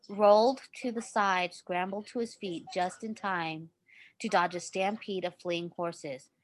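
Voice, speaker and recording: A woman with a somewhat low voice reads a story aloud. Her delivery is casual and unpolished, with the odd stumble and quick self-correction as she goes. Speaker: reader.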